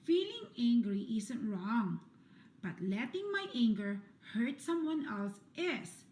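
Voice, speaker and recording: A woman reading children's picture books aloud in a slow, sing-song storytelling manner. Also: on the high side, very animated, a little mellow, slight background noise. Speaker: storybook reader.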